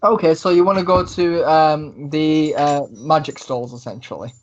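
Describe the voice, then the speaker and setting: A man's voice: a little high, moderate pace, muffled recording, slight background noise. Man narrating a tabletop game. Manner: hesitant, many ums and likes. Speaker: game master.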